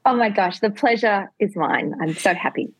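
An Australian woman, an author guest on a podcast, chatting warmly with a self-deprecating, laughing manner. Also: mid-range voice, expressive, normal speed, slightly rough, dry recording, rough recording. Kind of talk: casual interview chat.

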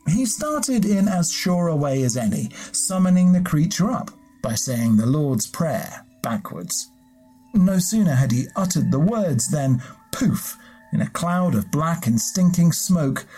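A podcast storyteller narrating a scripted folk tale in a measured, expressive way. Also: mid-range voice, slightly rough, faint music behind.

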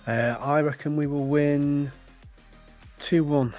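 A man's voice: a little high, steady tone, slow, a little mellow, soft background music. A man co-hosting a casual football podcast who tells his stories in a chatty, swearing manner. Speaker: podcast co-host. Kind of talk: casual chat.

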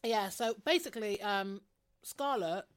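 Chatty young woman, lively voice. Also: medium pitch, a little slow, a little hiss or hum. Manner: chatty, laughing, teasing. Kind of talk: casual chat.

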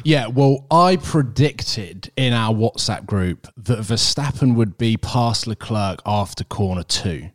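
Playful man with a lively, swooping voice. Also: fairly low pitch, takes it slowly, hardly any pauses. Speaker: podcast co-host. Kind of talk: casual chat.

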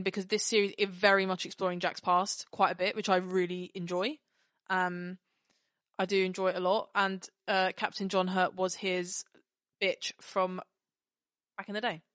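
A woman co-hosting a podcast in casual chat, animated and rambling, apologising and laughing often. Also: mid-range voice, a little slow, dry recording, clean studio sound. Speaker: podcast co-host.

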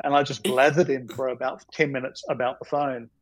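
A man's voice: mid-range voice, level tone, brisk, few pauses, a little hiss or hum, rough recording. A man, a guest on a podcast, telling a long rambling anecdote in a self-deprecating way. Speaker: podcast guest, storyboard artist.

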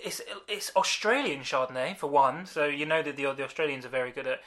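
Tipsy man with a bright voice. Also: medium pitch, fairly quick. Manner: rambling and swearing, jokey. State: tipsy from wine. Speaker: podcast co-host. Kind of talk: casual chat.

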